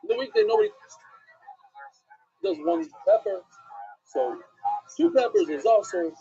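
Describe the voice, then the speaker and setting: A rabbi leads a live-streamed Talmud class, a man putting questions to his listeners and answering them himself. His voice is high and mellow, with a swooping, animated delivery. The sound is husky and comes through dull, lo-fi stream audio. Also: unhurried, soft background music.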